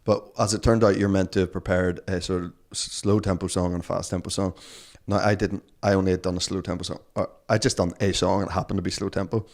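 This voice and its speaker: Low-voiced Northern Irish man telling stories. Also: flat delivery, quick pace, hardly any pauses, darkish tone. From Northern Ireland. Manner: rambling, self-deprecating, many restarts. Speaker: guest. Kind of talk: casual interview storytelling.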